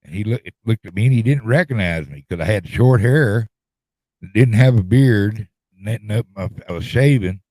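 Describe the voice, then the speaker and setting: A man's voice: on the low side, lively intonation, moderate pace, warm tone, dry recording. A middle-aged man, telling a long rambling story in a folksy drawl and repeating himself as he goes. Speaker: podcast host telling a story. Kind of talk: casual storytelling chat.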